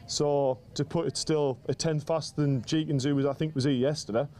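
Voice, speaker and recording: A man who is a racing driver, talking in a relaxed, matter-of-fact way during a pit lane interview. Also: on the high side, a little fast.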